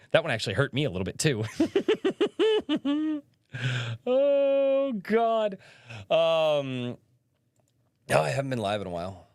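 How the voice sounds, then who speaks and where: A man's voice: a little high, wildly swooping pitch, unhurried, pauses often, clear, resonant tone, no room sound, studio quality. A young man hosting a casual livestream podcast, telling stories and reading chat comments aloud as he talks. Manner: chatty storyteller, reads chat aloud.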